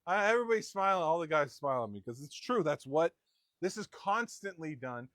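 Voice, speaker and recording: A middle-aged man preaching a sermon in a conversational storytelling manner, with quick asides. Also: a little high, very animated, fairly bright tone, no room sound, clean studio sound. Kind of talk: sermon with personal anecdote.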